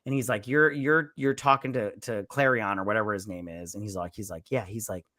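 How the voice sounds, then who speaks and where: A man's voice: lowish voice, steady tone, brisk, pushed and bright, no echo, clean studio sound. A man hosting a casual movie review chat, retelling scenes in a rambling way with profane asides. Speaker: podcast host.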